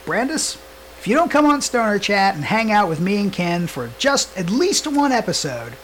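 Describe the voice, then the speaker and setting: A young man co-hosts a casual chat show, needling his friend and laughing often. His pitch moves around a lot, with a faint hiss beneath the voice. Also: big pitch swings, moderate pace, a bit bright, poor audio. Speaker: podcast co-host.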